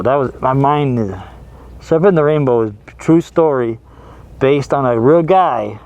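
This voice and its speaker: A man's voice: mid-range voice, a little mellow, dull audio. A man hosting a horror movie show, talking casually and rambling, laughing easily and trailing off. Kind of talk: casual chat.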